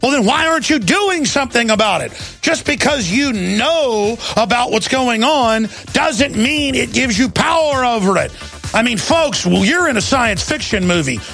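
A man in his thirties hosting a talk radio show, delivering an impassioned rant into a studio microphone and breaking into shouting. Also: very high voice, lively intonation, moderate pace, gravelly, faint music behind. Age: 30s. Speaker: radio host.

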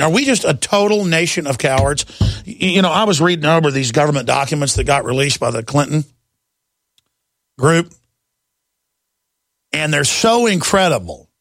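A man's voice: mid-range voice, vocal fry, fairly bright tone, no room sound, clean studio sound. A man hosting a talk radio show, delivering an emphatic, indignant monologue and calling his listeners "folks".

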